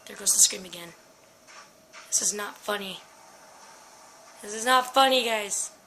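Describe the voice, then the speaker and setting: A woman's voice: mid-range voice, measured pace, sharp tone, a little hiss or hum, low-quality recording. A young woman playing a horror game at home, frightened and jittery, swearing and talking to her viewers and her dog. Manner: swears and screams. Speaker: gaming channel host. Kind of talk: horror game let's play commentary.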